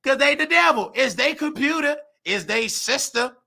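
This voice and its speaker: A man rants on his own show in a hoarse, high voice with a gravelly edge. His sound is bright and sharp, and he preaches at the listener. He slips in and out of the voices of the people he quotes. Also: expressive, moderate pace. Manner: preachy, heated, acts out quoted voices, calls listener baby. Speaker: show host. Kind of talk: animated personal rant.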